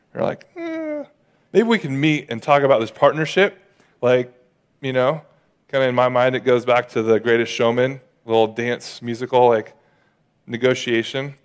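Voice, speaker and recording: A male pastor from the Pacific Northwest delivering a casual, animated sermon, acting out the voices of the people he describes. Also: medium pitch, normal speed. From Northern California or Oregon.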